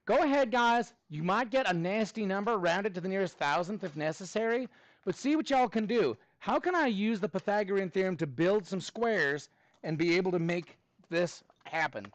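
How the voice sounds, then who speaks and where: Lively upbeat math teacher. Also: male voice, high-pitched, moderate pace, no echo. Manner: upbeat, prompting students for answers. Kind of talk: classroom teaching. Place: classroom.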